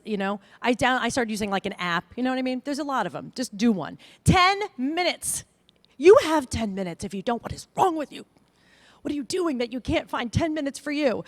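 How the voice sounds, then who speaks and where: Middle-aged woman, conference keynote, lively swooping delivery, mimics people, dry sound. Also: fairly high pitch, no room sound. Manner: animated, self-deprecating, mimics voices. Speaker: conference speaker. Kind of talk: keynote talk.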